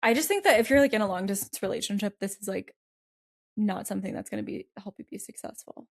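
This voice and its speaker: A woman co-hosting a casual advice podcast, thinking aloud with lots of "like"s and gentle hedging. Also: mid-range voice, fast talker, creaky, no room sound, studio quality. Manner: thoughtful, hedging with many "like"s. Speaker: podcast co-host.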